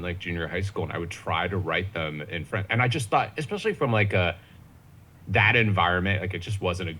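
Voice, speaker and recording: A man's voice: low voice, a bit bright. A man from Ohio, a podcast guest, telling a personal story casually with many restarts and jokey asides. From Ohio, USA. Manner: halting, many restarts and "you know what I mean", jokey asides.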